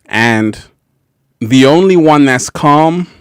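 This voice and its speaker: A man hosting a casual livestream speaks slowly and in an easy, unhurried way. He laughs often and repeats phrases for effect, and his voice sounds dry and close. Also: a little high, lively intonation, clean tone, no room sound. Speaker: livestream host.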